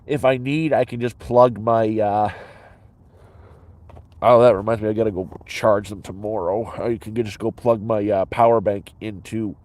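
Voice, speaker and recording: A man's voice: fairly low pitch, fairly even intonation, moderate pace, darkish tone, dry recording. A man vlogging from inside his sleeping bag, telling a story in a blunt, profane, rambling way with many restarts. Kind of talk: casual rambling storytelling to camera.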